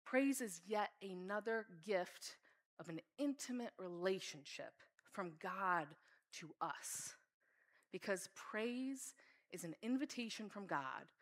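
A woman's voice: mid-range voice, lively intonation, slow pace. A woman preaching a sermon in an earnest, heartfelt way. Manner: earnest, reads scripture aloud with feeling.

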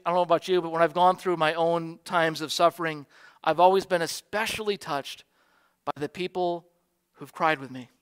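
High-voiced American pastor preaching. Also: male voice, smooth. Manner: earnest preaching, soft repeated emphasis. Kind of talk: sermon.

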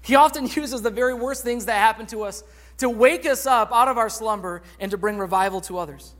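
A man's voice: very high voice, brisk, fairly bright tone. A man preaching a sermon as a pastor, telling a story and acting out the voices in it. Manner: storytelling, acts out quoted voices.

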